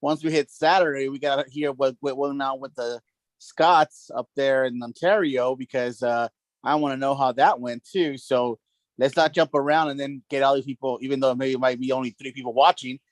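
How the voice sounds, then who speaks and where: A man on a casual podcast, recorded dry and close. He steers the conversation in a relaxed way, full of "uh"s and restarts. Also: mid-range voice, moderate pace, no room sound. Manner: steers the talk, relaxed with many fillers. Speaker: podcast co-host. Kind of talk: casual chat.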